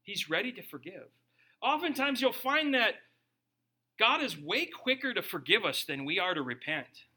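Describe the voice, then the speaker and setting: Bright, high-voiced male pastor preaching. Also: big pitch swings, moderate pace, husky. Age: young adult or middle-aged, a parent. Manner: conversational, jokey preaching with acted-out quotes. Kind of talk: sermon.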